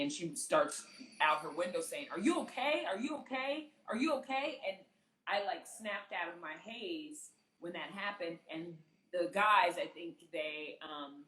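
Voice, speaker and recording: A woman, an entertainment journalist, telling a personal story in conversation as an interview guest, acting out what others said with lively energy. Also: deep voice, roomy sound, low-quality recording. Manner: animated, vividly re-enacts the voices of others.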